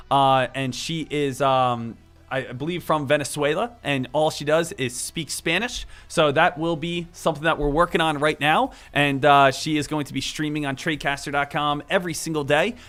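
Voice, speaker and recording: A man's voice: a little high, fairly even intonation, normal speed, fairly bright tone, soft background music. A man hosting a live stock trading stream, chatty and upbeat, repeating himself and calling viewers "team". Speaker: stock trading livestream host.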